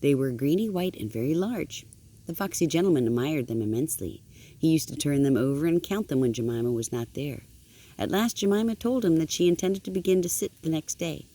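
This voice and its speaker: An older woman, a grandmother, reading a picture book aloud to her grandchildren, gently pausing to point out the pictures and explain the story. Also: low-pitched, lively intonation.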